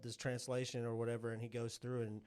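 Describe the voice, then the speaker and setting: A man's voice: medium pitch, monotone, quick pace, darkish tone, clean tone. A man co-hosting a podcast, chatting casually and explaining trivia in a rambling way, with many fillers and restarts. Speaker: podcast co-host. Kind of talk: casual chat.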